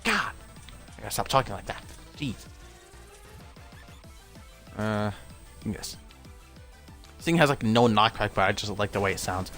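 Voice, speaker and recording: A man's voice: lowish voice, very animated, moderate pace, vocal fry, pauses often, fairly bright tone, soft background music. A young man giving casual let's-play commentary, rambling and full of "like" fillers. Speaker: gamer.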